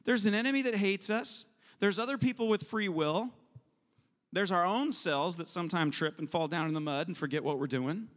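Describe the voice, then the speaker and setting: A man preaches with a high, ringing voice, acting out prayers and little voices as he teaches. His words hang in a long hall reverb, as in a large church. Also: normal speed, a bit bright. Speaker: pastor. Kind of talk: sermon.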